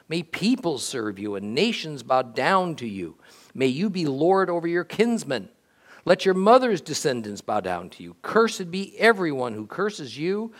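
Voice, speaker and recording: Man voicing an old patriarch, solemn, measured, pronouncing blessings, lively pitch.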